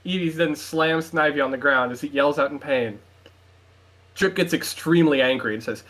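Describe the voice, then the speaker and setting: A man's voice: on the high side, normal speed, a bit bright. A man reading a fan-written story aloud on his show with dramatic storytelling.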